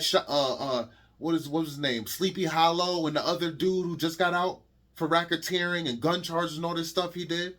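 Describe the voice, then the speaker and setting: A man from Connecticut with a notably high voice delivers a heated, preachy rant straight to his audience. He often stumbles and restarts mid-phrase and keeps tagging lines with "man". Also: fairly bright tone. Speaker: vlogger. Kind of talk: opinion rant to camera.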